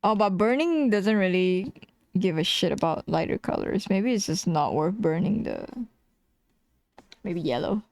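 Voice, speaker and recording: A woman's voice: lowish voice, lively intonation, a little slow, darkish tone, no room sound. A tired woman streaming as she draws, chatting casually, laughing a lot, swearing and teasing herself. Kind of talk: casual chat while drawing on stream.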